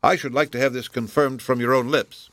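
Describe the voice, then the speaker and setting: A man voicing a cold, precise male detective in an audiobook, measured and inexorable. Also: mid-range voice, steady tone, fairly bright tone, dry recording, close to an everyday voice. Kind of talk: audiobook character voice.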